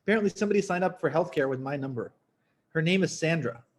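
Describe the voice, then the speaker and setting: A man hosting a clinical case conference on a video call, talking in a chatty, lively way and thinking aloud with fillers. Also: fairly high pitch, fast. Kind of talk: casual, talkative teaching.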